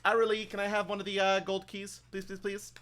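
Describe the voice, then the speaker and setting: A man voicing an eager young female elf bank clerk in a tabletop game, with chirpy, rushed sales patter full of fillers. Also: high-pitched, monotone, a bit bright, pitched above the performer's own voice.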